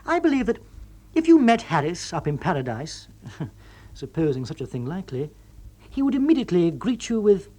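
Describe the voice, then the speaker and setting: Lively male storyteller. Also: sits high, a little fast. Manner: wry, lively, comic. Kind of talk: expressive storybook reading.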